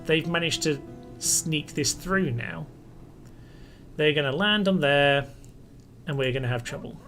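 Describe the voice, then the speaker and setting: Wry male game streamer, higher voice. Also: measured pace, pushed and bright. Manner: wry, mildly exasperated, thinking aloud. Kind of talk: casual gameplay commentary. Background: faint music and air conditioner rumble.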